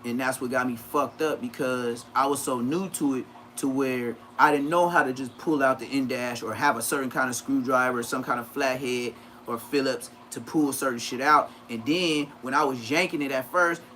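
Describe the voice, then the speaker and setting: Speaking at normal speed in a medium pitch, this man in his 30s animatedly tells profane stories on a casual livestream. Slight background noise is present as he raises his voice to act out what others said.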